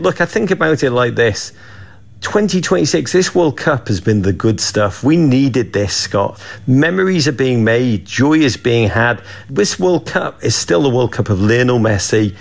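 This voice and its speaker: A man's voice: medium pitch, vocal fry. A man speaking as a guest on a radio news show, riffing on soccer in a grandiose, rhetorical, playful way. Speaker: podcast host as radio guest. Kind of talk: radio interview commentary.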